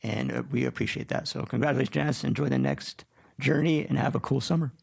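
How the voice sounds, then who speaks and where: A man's voice: medium pitch, very animated, fast, creaky, slightly rough. A man who leads a city department, giving a sincere, plain-spoken tribute at a city council meeting.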